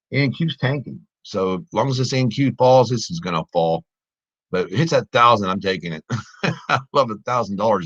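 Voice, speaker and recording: A man's voice: on the low side, fairly bright tone, dull audio. A man hosting a live trading stream, commenting on his trades to viewers, exclaiming and laughing often.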